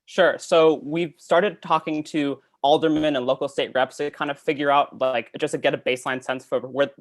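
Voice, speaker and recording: A man's voice: a little high, fairly even intonation, no room sound. A man answering audience questions about his startup on a video call, earnest and full of fillers. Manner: fast, many fillers, earnest. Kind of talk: Q&A answers after a pitch.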